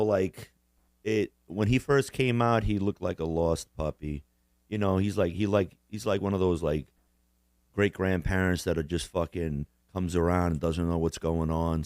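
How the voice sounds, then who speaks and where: A man's voice: low-pitched, steady tone, normal speed, a little mellow, no echo, studio quality. A man co-hosting a casual podcast chat, swearing constantly and rambling, often laughing as he mimics people. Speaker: podcast co-host.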